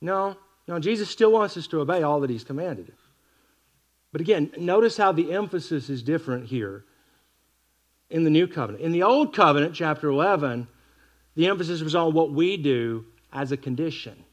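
A man preaching an expository sermon, reading scripture slowly and with weight, with wry asides to the congregation. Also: a little high, expressive.

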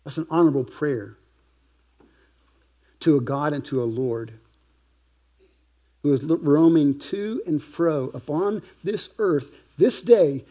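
A man preaching a sermon as pastor, earnest, slowing down to stress key phrases and sometimes dropping to a hush. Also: a little high, lo-fi sound. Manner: earnest preaching, slow emphatic stresses, softening to a hush at times.

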